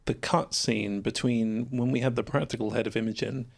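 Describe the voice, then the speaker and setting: A special effects makeup artist talks on a podcast in a gravelly voice of middle pitch. His explanations are plain and matter-of-fact. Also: steady tone, moderate pace. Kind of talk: casual chat.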